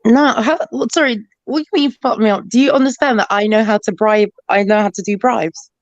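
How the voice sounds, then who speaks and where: A woman's voice: on the high side, steady tone, no echo, lo-fi sound. A woman with a London accent, chatting and joking as a caller on a live online panel. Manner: joking, cheeky, quick asides. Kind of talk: casual live chat.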